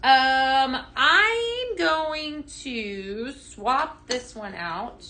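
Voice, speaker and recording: Bright, chatty woman hosting a live sales show. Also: sits high, lively intonation, extremely slow, slight background noise. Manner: chatty, reads and answers viewer comments; enthusiastic with fillers and restarts. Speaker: host of a live home-fragrance sales show. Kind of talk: casual live-stream product demo.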